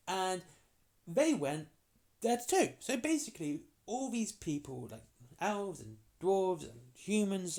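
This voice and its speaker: Casual lore rambling, jokey asides, swooping pitch. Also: a little mellow. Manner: chatty and jokey, acts out characters in quick asides. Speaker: tabletop game lore explainer.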